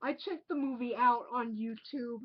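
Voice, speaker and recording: Woman reviewer, high and deliberate, ranting with emphatic repeats, muffled home recording. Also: steady tone. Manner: indignant, emphatic, repeats herself for effect. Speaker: online movie reviewer.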